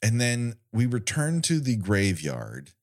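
A man's voice: mid-range voice, huge pitch swings, slow pace. A young man co-hosting a podcast, recapping an old TV episode with sarcastic, swearing comedy and mock voices. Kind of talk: casual comedic chat.

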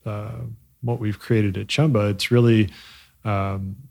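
A man being interviewed about his bike company, speaking reflectively with many pauses, fillers and restarts as he searches for words. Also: on the low side, flat delivery, a little mellow. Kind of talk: casual interview.

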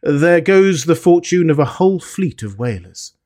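A man reading the part of a stern, principled sea captain in an audiobook, firm and measured as he reproves. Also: on the high side, expressive, mellow, pitched above the performer's own voice, lightly acted. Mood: dismissive.

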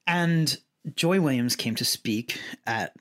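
A man in an ordinary middle register tells a story in a relaxed podcast conversation. He stops and restarts often and drifts into asides. The delivery stays casual and unpolished. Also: medium pitch. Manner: halting, with frequent restarts and trailing asides.

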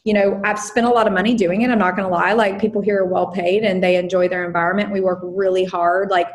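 A woman's voice: mid-range voice, fairly even intonation, fast talker. A woman in her thirties who runs a design business, talking casually in an interview with many fillers and restarts. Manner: rambling, frequent fillers and restarts. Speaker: design firm owner.

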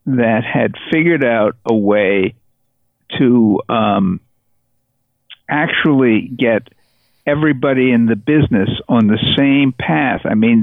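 A man being interviewed about his book on a podcast, speaking thoughtfully with many pauses and restarts. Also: mid-range voice, no echo. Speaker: author, interview guest. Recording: dry tinny phone-like line.

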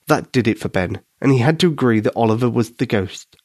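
A man's voice: medium pitch, a little fast, no room sound, clean studio sound. A man narrating a children's bedtime story and hosting a podcast, in a soothing voice.

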